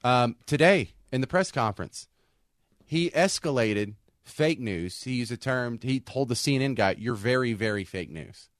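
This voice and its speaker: A man's voice: mid-range voice, expressive, moderate pace, no echo, clean studio sound. A man co-hosting a casual talk show, rambling and often restarting his sentences. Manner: rambling, self-interrupting with restarts. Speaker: co-host.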